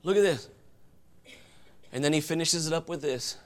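A man preaching a fervent sermon with folksy asides, often rising to shouts. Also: a little high, moderate pace. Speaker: pastor.

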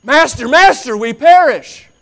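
Man doing panicked disciples yelling for help, high and frantic, pleading shout. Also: animated, a little slow, gravelly, exaggerated voice. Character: panicked male disciples crying out in a storm.

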